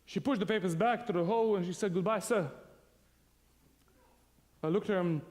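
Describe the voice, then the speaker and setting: The room sounds big around this high-pitched Serbian man, whose tone is darkish and pace normal. Recounting a funny episode from his own life to an audience, he keeps laughing as he goes.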